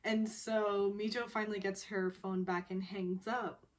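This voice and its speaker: A woman's voice: mid-range voice, flat delivery, a little slow. Giggly woman recapping a drama. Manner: giggly, laughs often while retelling; rambling with many fillers. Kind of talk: casual chatty recap.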